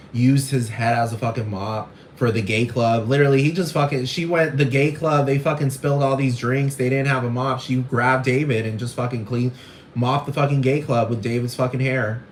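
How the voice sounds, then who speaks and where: A man's voice: mid-range voice, a little hiss or hum, natural voice. A man performing a brash, gossipy young woman who goes on a rambling, profane rant in a comedic character monologue. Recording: roomy echo.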